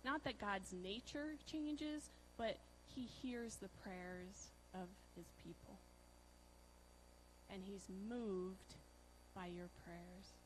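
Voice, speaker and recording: A woman preaching a conversational sermon, asking her listeners questions and using many fillers. She swings between loud emphasis and soft, hushed lines. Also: medium pitch, takes it slowly, noisy background. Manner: chatty, asks the audience questions, many fillers.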